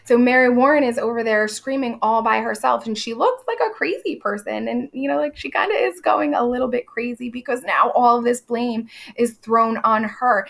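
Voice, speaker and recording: A woman's voice: fairly high pitch, vocal fry, a bit bright. A woman teacher explaining a play to her class over a video call, in a casual, chatty way.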